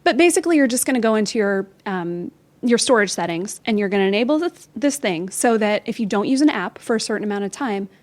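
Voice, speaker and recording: A woman's voice: mid-range voice, lively intonation, fast. Upbeat woman explaining tech tips. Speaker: podcast co-host presenting tech tips. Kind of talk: casual chat.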